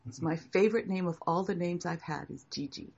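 An older woman teaching a class, speaking in a gentle, encouraging and unhurried way. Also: lowish voice, creaky, slightly rough, muffled recording. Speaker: meditation teacher. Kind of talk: guiding a class.

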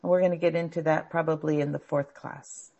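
A woman's voice: sits low, steady tone, fairly quick, a little mellow. A middle-aged woman teaching a live class on anxiety, earnest and prone to repeating words as she thinks.

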